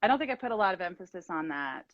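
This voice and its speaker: A woman's voice: lowish voice, lively intonation, racing, dry recording. Encouraging middle-aged woman, lo-fi dry sound. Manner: encouraging, affirming, talks at length. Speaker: host and life coach. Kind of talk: casual live-stream chat.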